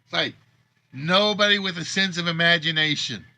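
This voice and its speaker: A man's voice: on the high side, moderate pace, sharp tone. A man hosting a casual livestream, rambling and thinking aloud about the games he builds. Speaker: game show host and creator.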